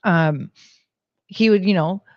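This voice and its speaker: A woman's voice: on the low side, slow, dry recording, highs cut off. A woman streaming from home into a desk mic, chatting casually and rambling with lots of "like" and "um". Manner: rambling, heavy use of "like" and "um". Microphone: desk microphone.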